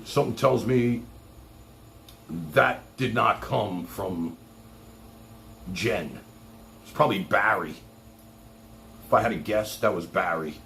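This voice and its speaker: A man's voice: on the low side, takes it slowly, gravelly, long pauses, fairly bright tone, slight background noise. A man hosting a livestream, ranting in a heated, mocking and sarcastic way. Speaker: livestream host.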